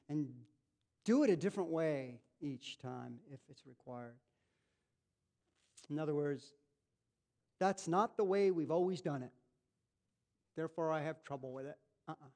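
A man's voice: on the high side, a little mellow. A middle-aged man preaching a sermon in a church, acting out little everyday scenes in quoted voices. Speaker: pastor.

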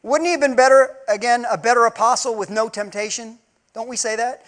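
A male pastor delivering a sermon, preaching emphatically and swinging between loud pleas and hushed asides while putting rhetorical questions to his congregation. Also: very high voice, a little fast.

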